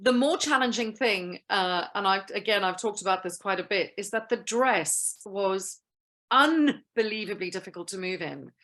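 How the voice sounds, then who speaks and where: A woman's voice: medium pitch, moderate pace. A woman, a guest actress, telling playful stories with frequent laughter in a casual interview over a video call. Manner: lively, laughing, playful storyteller.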